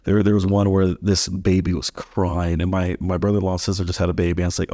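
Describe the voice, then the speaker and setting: A man's voice: low-pitched, level tone, fast, dark tone, dry recording, clean studio sound. A man in his thirties hosting a podcast, talking earnestly and telling anecdotes, often restarting his sentences. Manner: earnest, repeats words when starting, tells anecdotes. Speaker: podcast host. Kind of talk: casual conversation.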